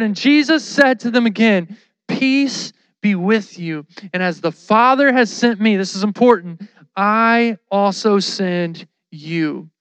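Guy preaching casual, high smooth voice, slangy storyteller, dry close mic. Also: fairly bright tone, dry recording. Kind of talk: casual sermon.

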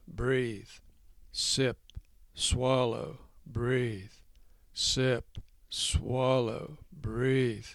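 A man reading his own first-person story aloud, with a wry tone and lively voices for the dialogue. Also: mid-range voice, clear, resonant tone, no echo, studio quality.

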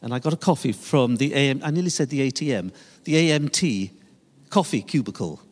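An older man, a pastor, preaches in a church sanctuary with an expressive, brisk, mid-range voice. His delivery is emphatic, rising and falling, and the recording carries the long reverb of a large church hall.

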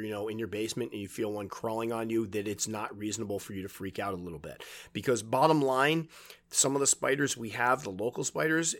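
A man who keeps tarantulas, talking casually to his viewers and giving advice in a relaxed, rambling way, with restarts and asides. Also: mid-range voice. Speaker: tarantula keeper and video host. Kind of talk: casual advice talk to camera.

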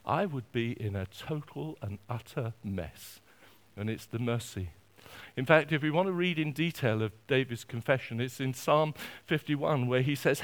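A man preaching a sermon, emphatic and repetitive, swinging from quiet to loud. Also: medium pitch.

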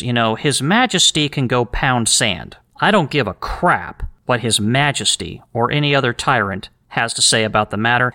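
A man delivers an opinionated history podcast monologue. His voice is bright and forceful, and his delivery is emphatic and rambling, full of restarts and asides. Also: medium pitch. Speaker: podcast host.

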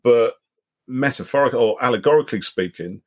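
A man's voice: medium pitch, fast, a little mellow. A man co-hosting a podcast, chatting casually and reflectively about a film, rambling with many restarts. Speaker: podcast co-host. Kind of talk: casual film-discussion chat.

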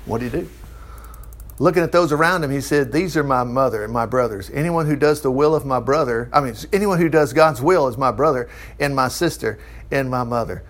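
A man's voice: mid-range voice, fairly quick. A man teaching the Bible in a casual, chatty way, acting out the quotes and closing in prayer. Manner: chatty, animated, acts out quotes. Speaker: pastor.

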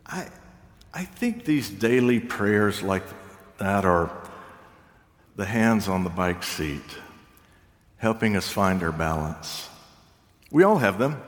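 An older man preaching a sermon, reflective and unhurried, with touches of gentle humor. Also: lowish voice, big pitch swings. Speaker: pastor. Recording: long reverb of a large hall.

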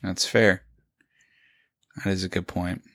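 A man's voice: low-pitched, steady tone, slow pace, fairly bright tone, no room sound. A man co-hosting a podcast in casual, jokey chat, laughing easily as he leads the segments. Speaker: podcast co-host.

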